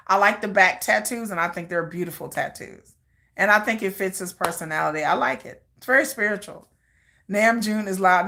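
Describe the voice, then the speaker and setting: A woman hosts a livestream in loose, rambling chat. Her voice is bright and ringing, at a middle pitch, and she talks with an animated bounce and laughs often. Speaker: livestream host.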